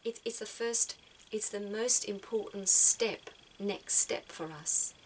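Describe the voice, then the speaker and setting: Soft-spoken woman giving gentle advice. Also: medium pitch, slow pace, a little hiss or hum, poor audio. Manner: soft-spoken, repeats words as she thinks. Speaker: spiritual vlogger giving advice. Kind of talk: gentle reflective talk.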